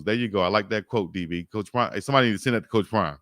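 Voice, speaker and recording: A man's voice: on the low side, racing, hardly any pauses, clear, resonant tone, no echo, clean studio sound. A man from Alabama, casually talking sports on a livestream and reading out comments in a laid-back, joking way. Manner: laid-back, joking, chuckles often, repeats himself. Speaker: sports talk host.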